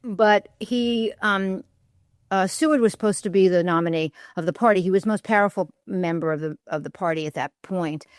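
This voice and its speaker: A woman's voice: medium pitch, brisk, dry recording, studio quality. A woman historian speaking as a guest on a radio interview, thoughtful and candid, often weighing her views with "I think.". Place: radio studio.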